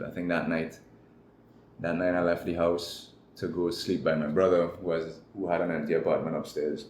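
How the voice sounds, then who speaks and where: A man's voice: sits low, level tone, moderate pace, darkish tone. A man with a Trinidadian accent, a guest telling his personal story candidly in an interview. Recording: echoey room with faint noise.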